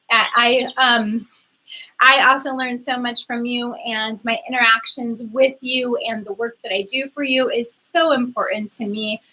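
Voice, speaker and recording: A woman's voice: fairly high pitch, sharp tone, low-quality recording. A woman coaching spiritual topics on a livestream, talking casually and earnestly to viewers with frequent ums and restarts. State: getting emotional. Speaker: spiritual coach hosting a live chat.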